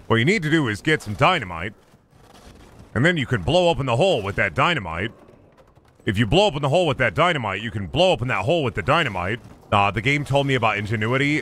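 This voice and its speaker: A young man streaming a horror game live, excitable and foul-mouthed, yelping and taunting the game as he plays. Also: medium pitch, fast. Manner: excitable, swears often, yelps and taunts the game. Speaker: gaming streamer. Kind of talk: live gameplay commentary.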